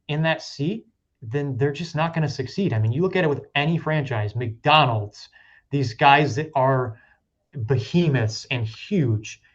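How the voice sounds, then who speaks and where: Business founder guest, male, mid-pitched, relaxed and reflective, on dull lo-fi audio. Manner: relaxed, reflective, with frequent fillers and restarts. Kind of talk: casual interview answers.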